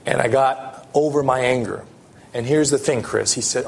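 A man preaching a sermon as pastor, earnest, lifting his voice for emphasis and dropping it soft. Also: mid-range voice, normal speed, gravelly, a little hiss or hum.

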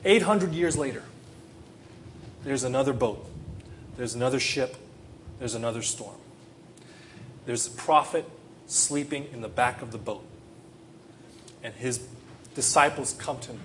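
A man preaching a sermon with passion, climbing into loud rhetorical questions and then dropping to a soft, quiet close. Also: mid-range voice, unhurried, long pauses, slight background noise. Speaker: pastor.

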